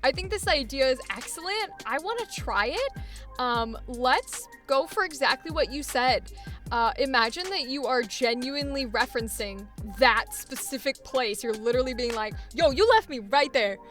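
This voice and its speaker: A woman voice acting coach explaining technique in an animated way, laughing often. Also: high-pitched, moderate pace, faint music behind. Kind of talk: coaching session.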